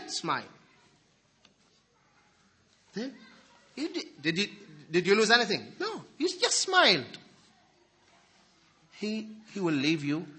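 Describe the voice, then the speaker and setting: Lively husky-voiced male preacher. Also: on the high side. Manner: animated, swings from loud emphasis to soft asides. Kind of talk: sermon.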